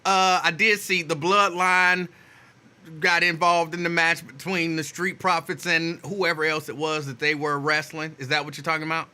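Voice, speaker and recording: A man hosting a casual talk show, relaxed and quick to laugh. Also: on the high side, smooth. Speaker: host. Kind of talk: casual talk-radio chat.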